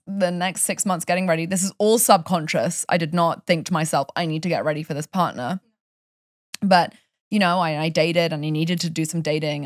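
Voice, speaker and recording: Passionate woman with a low, dry voice. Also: no room sound. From Europe. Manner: passionate, animated storytelling. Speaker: life coach guest. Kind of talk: casual podcast chat.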